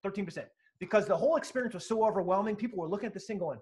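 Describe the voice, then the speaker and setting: Interviewed as a guest, a sales speaker and author tells stories with animated energy and emphasis, acting out quotes and swearing now and then. His voice is high-pitched and racing.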